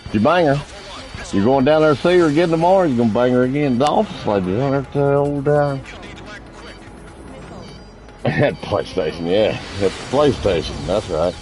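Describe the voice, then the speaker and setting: A man's voice: medium pitch, expressive, moderate pace, pauses often, darkish tone, soft background music. A man streaming a multiplayer game, chatting casually and crudely with friends, telling rambling stories and teasing them. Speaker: gaming streamer.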